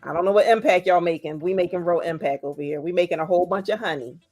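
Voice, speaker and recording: A woman hosting a live video-call chat, animated and playful as she talks with her guest. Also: fairly low pitch, fast. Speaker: host. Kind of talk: casual chat.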